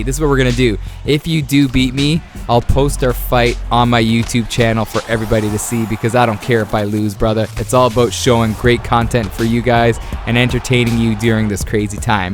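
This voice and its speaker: Excitable man laughing through game highlights. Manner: excitable, laughing, playful trash talk. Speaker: gaming YouTuber. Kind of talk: video game highlight commentary.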